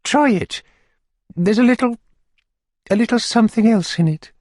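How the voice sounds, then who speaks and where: A man's voice: normal speed, a little mellow, no echo, clean studio sound. A man putting on a coy, fluttery old-time matron. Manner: high, breathy, faint and bashful. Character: coy, fluttery middle-aged female workhouse matron.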